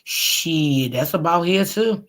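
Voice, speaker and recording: Middle-aged female livestream host with a lowish, gravelly voice, chatty and direct with her viewers. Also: expressive, takes it slowly, fairly bright tone. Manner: chatty, talks straight to viewers. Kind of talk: casual livestream chat, reading viewer comments.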